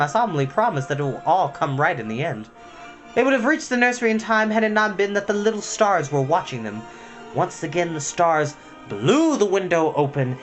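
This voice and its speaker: A man reading a storybook aloud at bedtime, expressive and dramatic with a gentle touch. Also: fairly high pitch.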